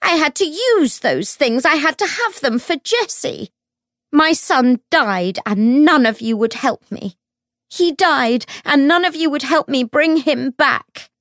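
A woman's voice: deep voice, expressive, slow pace, slightly rough, no echo, studio quality, full character voice. A woman voicing a grieving, hysterical older widow who wails and shrieks accusations. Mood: wailing grief. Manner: wailing, shrieking, desperate.

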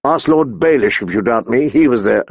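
A stern, weary lord who keeps an icy courtesy, as a man reads him. The voice has a gravelly texture. It is heard through a dull, dry recording. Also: medium pitch, lively intonation, moderate pace, dry recording.

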